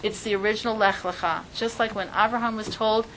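A woman's voice: mid-range voice, brisk, slight background noise, rough recording. A woman teaching a spiritual talk, telling stories animatedly and often saying "like". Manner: animated storytelling, frequent "like". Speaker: religious teacher.

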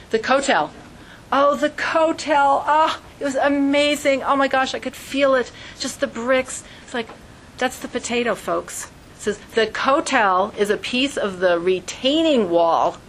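A woman teaching an informal Torah class, lively, acting out quoted voices in a sudden high pitch. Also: a little hiss or hum, rough recording.

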